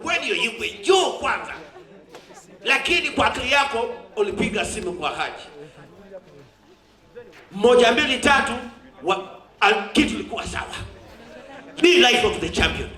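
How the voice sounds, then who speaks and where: A man's voice: extremely high pitch, big pitch swings, normal speed, pauses often, bright, forceful tone, a faint crowd. A Ugandan man giving an exuberant public thank-you speech at a ceremony, laughing often and mixing in Swahili. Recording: roomy echo.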